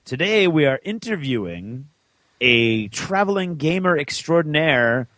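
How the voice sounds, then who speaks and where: A man hosting a gaming podcast quiz in a theatrical, booming voice that rides high and swings widely. His tone is bright and ringing, and the recording is close and dry. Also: big pitch swings, a little slow, dry recording, low-quality recording. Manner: theatrical, booming mock-scolding announcements. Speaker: podcast host running a trivia quiz. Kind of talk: quiz host with dramatic read-out trivia.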